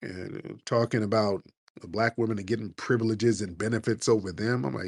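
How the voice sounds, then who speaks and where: A man's voice: medium pitch, moderate pace. A male talk-show host who runs callers with a blunt, teasing edge. His talk is casual and full of slang.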